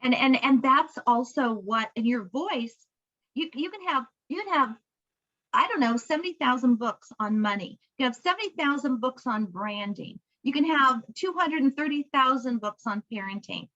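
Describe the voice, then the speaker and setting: A woman's voice: sits high, expressive, normal speed, hardly any pauses, a bit bright, muffled recording. A woman book coach telling stories and teaching, acting out bits of dialogue over a video call. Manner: storytelling, acts out dialogue. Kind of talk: conversational teaching.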